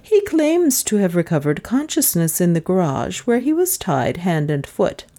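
A woman's voice: fairly low pitch, very animated, normal speed, mellow. Woman reading a composed older lady.

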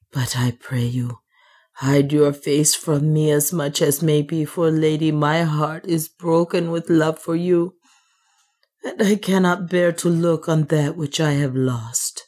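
A woman reading aloud, voicing a grave, heartbroken warrior king who speaks slowly and gently. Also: sits low, fairly even intonation. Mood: grave sorrowful.

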